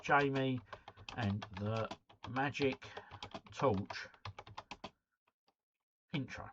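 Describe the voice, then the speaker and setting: A middle-aged man from the United Kingdom hosts a casual live stream, chatting matily with viewers and reading out and answering their comments. His mid-range voice is very slow. The dull, lo-fi stream mic picks up background noise.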